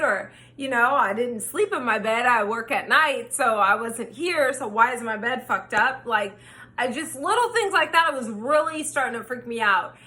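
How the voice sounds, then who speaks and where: Une vloggeuse au timbre clair et éclatant, assez aiguë, raconte une histoire sur un ton animé. Elle jure librement et rejoue ses propres répliques avec entrain. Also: female voice, fairly high pitch. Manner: animated, swears freely, acts out her own quotes. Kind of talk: storytime chat.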